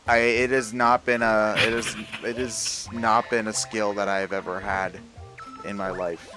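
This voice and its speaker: Bright-voiced man, rambling gamer. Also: fairly low pitch, level tone, a little slow. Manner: rambling, self-deprecating, chatty with many restarts. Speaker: speedrunner playing live. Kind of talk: casual commentary while playing. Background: game music.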